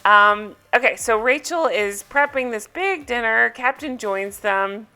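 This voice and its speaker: A woman's voice: a little high, expressive, a little slow, pushed and bright, clean tone. A woman recapping a reality TV episode in casual, amused chat, with frequent ums.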